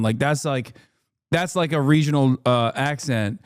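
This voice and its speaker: A man in his thirties hosting a livestream, giving sarcastic, deadpan mock-serious reaction commentary. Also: fairly high pitch, moderate pace, no echo, clean studio sound. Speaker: livestream host reacting to a video.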